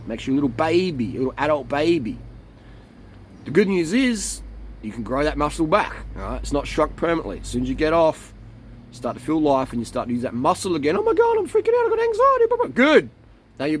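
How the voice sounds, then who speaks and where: Man, middle-pitched, with a faint hum of passing vehicles; blunt, profane coach ranting casually to camera. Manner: jumps into mocking impressions of others. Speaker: cycling coach and vlogger.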